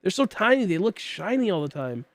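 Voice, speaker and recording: This man's voice sits high and sounds very animated as he talks fairly quickly through a game stream, rambling with many fillers. He's in his late twenties, has a tickly throat that sets off occasional coughs, and there's no echo.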